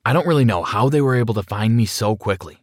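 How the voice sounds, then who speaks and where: A man narrating a dramatic first-person story in an expressive reading style. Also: lowish voice, quick pace, no room sound, clean studio sound.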